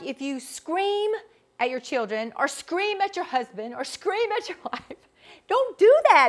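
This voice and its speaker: Chatty woman vocal coach. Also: high-pitched. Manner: chatty and animated, frequent restarts, laughs often. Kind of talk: casual teaching talk to a group.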